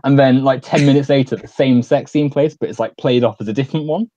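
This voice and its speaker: A man's voice: medium pitch, quick pace, warm tone, lo-fi sound. A man hosting a stream, chatting casually and rambling with a lot of fillers while he keeps laughing. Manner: giggly, rambling, lots of fillers. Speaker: stream host. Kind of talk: casual chat.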